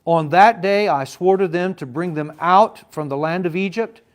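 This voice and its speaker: A man teaching a Bible study, talking with his listeners, asking them questions and calling on them by name, his voice swinging between loud and soft. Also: high voice, normal speed. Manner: conversational, addresses listeners by name, asks questions.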